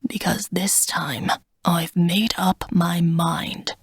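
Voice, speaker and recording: A woman voicing a protective, defiant cursed male dragon in whispered role-play, speaking gravely and with determination. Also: lowish voice, steady tone, takes it slowly, no echo, studio quality, heavily acted. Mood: grim resolve.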